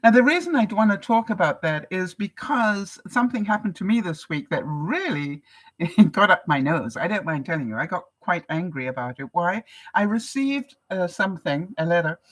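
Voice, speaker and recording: A woman's voice: lowish voice, animated, moderate pace, rough recording. An older woman from Canada, hosting a live vlog broadcast and chatting casually with viewers, laughing often. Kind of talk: casual advice chat to viewers.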